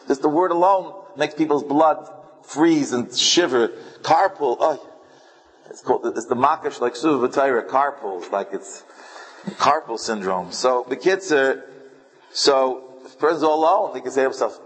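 A man's voice: medium pitch, moderate pace, fairly bright tone, slightly rough. A man preaching in an easygoing, rambling way, stopping to search for words and slipping in dry humor. He has a mid-range voice, and a long reverb from the hall hangs behind him. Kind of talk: sermon with storytelling.

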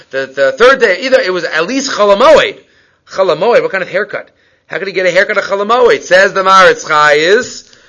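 A man's voice: sits high, a bit bright, lo-fi sound. A man giving a Talmud class, reading Aramaic lines and explaining them in casual English. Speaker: Torah teacher.

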